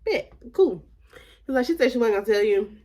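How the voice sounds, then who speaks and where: A woman's voice: a little high, fairly even intonation, very fast, dark tone. A woman vlogger telling a casual storytime, emphatic and candid, filling her talk with "like" and retelling conversations. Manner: emphatic, repeats "like" often.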